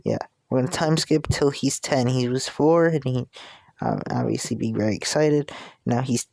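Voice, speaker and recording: A man's voice: mid-range voice, big pitch swings, moderate pace, vocal fry, a little mellow, no echo, clean studio sound. A man with a New Jersey accent telling a fan story in a rambling, casual way with many restarts. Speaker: video creator.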